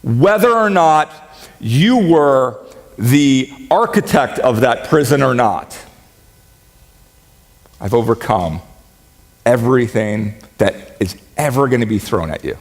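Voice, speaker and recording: A man preaching a sermon as pastor, in a conversational, joking way that turns animated when he quotes. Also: medium pitch, slow pace, pauses often. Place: church sanctuary. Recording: reverberant church hall.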